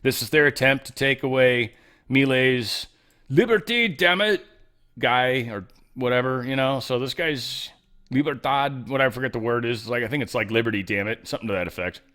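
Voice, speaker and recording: Middle-aged male host, casual news commentary, sarcastic and rambling, mid-pitched. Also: normal speed, sharp tone. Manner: rambling, sarcastic, offhand asides. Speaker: show host.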